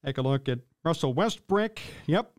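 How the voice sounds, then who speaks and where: A man hosting a sports talk show, ranting in an exasperated, sarcastic way and reading out chat comments. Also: fairly high pitch.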